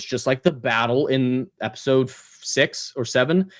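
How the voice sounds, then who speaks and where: A man hosting a casual live review panel, opinionated and quick to mock, who slips into little character voices when retelling scenes. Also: medium pitch. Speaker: show host and panel critic.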